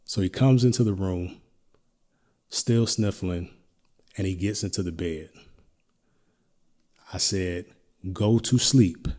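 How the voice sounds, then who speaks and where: A middle-aged man hosting a podcast, telling a personal story in a reflective, halting way with many restarts. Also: sits low, dark tone. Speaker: podcast host.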